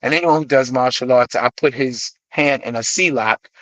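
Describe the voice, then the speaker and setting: A middle-aged man from the Bronx with a New York accent tells his stories as a guest in a dry, close-miked studio. His pitch sits in the middle, and he slips into the voices of the people he quotes. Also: normal speed, dry recording, low-quality recording. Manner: animated storyteller who acts out quoted voices. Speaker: guest, hip-hop artist. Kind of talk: radio interview storytelling.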